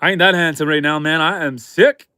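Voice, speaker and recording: A man from Canada talks casually through a homesteading livestream, reading out comments and chatting to his chickens. His voice sits a little high for a man and sounds stuffy and a touch hoarse from a head cold. The sound is dry and close, with no room echo. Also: steady tone, a little fast, bright, forceful tone. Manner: chatty and upbeat, talks to chat and animals.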